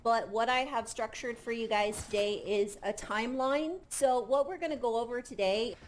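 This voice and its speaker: A woman's voice: fairly high pitch, moderate pace, a little hiss or hum. A woman streamer addressing her chat seriously, earnest and apologetic, choosing her words with care.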